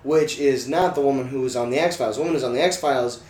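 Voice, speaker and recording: A man's voice: medium pitch, fast. A young man co-hosting a casual movie chat, rambling with many fillers and restarts. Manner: rambling, full of "like" and restarts, sometimes yelling for fun. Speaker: podcast co-host. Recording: echoey room.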